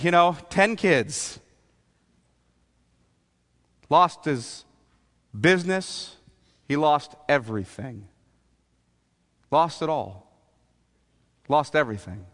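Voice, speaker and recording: Man, pastor, sermon, conversational, rhetorical questions, fairly high voice, long church reverb. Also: fairly bright tone.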